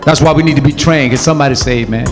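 A man preaching a sermon as pastor, emphatic and animated, calling out to the congregation. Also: on the high side, rapid-fire, big-room sound, music in the background, crowd noise.

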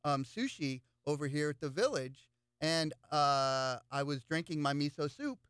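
Guy running for office telling stories, kinda high voice, repeats words a lot. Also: normal speed, smooth, dry recording, clean studio sound. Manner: animated storyteller with frequent repeated words. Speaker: political candidate. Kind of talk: casual interview chat, storytelling.

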